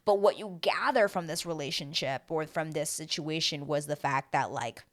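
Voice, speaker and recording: A woman giving a casual, chatty recap of a reality show, talking animatedly and filling her sentences with "like.". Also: moderate pace. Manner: animated, heavy use of "like", dramatic swings in pitch and loudness.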